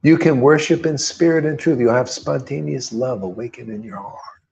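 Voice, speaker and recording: A man's voice: medium pitch, moderate pace, creaky, a little mellow. A man preaching in a loose, informal way, fervent and rambling, peppering his talk with slang and mocking voices. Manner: mocks others in put-on quoted voices. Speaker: spiritual teacher.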